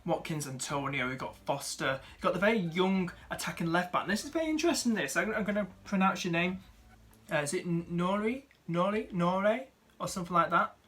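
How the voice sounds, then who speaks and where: A young fantasy football YouTuber runs through his viewers' teams in a relaxed, chatty manner, talking fast. His voice is bright and fairly high for a man, and he stays casual, using lots of fillers and calling viewers "mate" and "dude."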